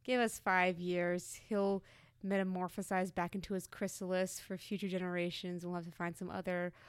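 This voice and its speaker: A woman co-hosting a podcast with her husband, talking in a wry, sarcastic, quick-witted way. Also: fairly low pitch, level tone, smooth, dry recording, clean studio sound. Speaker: podcast co-host. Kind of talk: casual chat.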